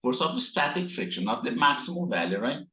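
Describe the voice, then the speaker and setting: A man teaching a physics class, slowly explaining while working on slides and often checking in with "right?". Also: medium pitch, very animated, bright, forceful tone. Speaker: physics instructor. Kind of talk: recorded classroom lecture. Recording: echoey, dull lo-fi room sound.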